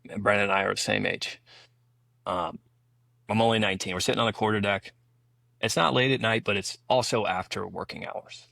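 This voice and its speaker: A man's voice: on the low side, steady tone, fairly quick, creaky, bright, forceful tone, no echo. A man, a former Navy SEAL, talking casually as a podcast guest, telling long anecdotes with frequent restarts. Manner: rambling anecdotal storytelling with many restarts. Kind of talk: casual storytelling interview.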